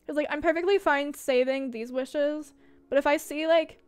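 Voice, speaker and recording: High-voiced young woman chatting while gaming. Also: fairly even intonation, moderate pace. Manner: chatty, talks to herself, swears when losing. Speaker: streamer. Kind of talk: casual gaming livestream chat. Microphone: desk mic, wearing headphones.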